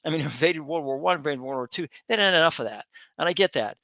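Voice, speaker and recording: Middle-aged male commentary host, emphatic, folksy, slightly high, bright and forceful, dry close sound. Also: expressive, fast, no room sound. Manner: emphatic, repetitive, folksy asides. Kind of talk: casual opinion monologue.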